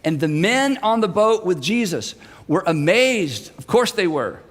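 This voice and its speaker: A man pastor preaching a sermon, telling a story with lively energy that moves between loud moments and hushed asides. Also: sits high, a little slow, in a large hall.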